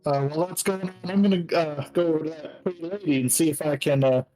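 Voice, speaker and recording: A man's voice: on the high side, fast talker, dark tone, soft background music. A man playing a tabletop game, laid-back and drawling. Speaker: player.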